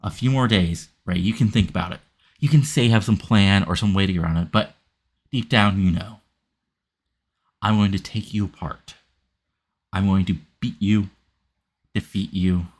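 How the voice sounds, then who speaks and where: A man's voice: low voice, moderate pace, pauses often, breathy edge. A man voicing a cocky, arrogant male wrestler heel, taunting his rival in a game recap.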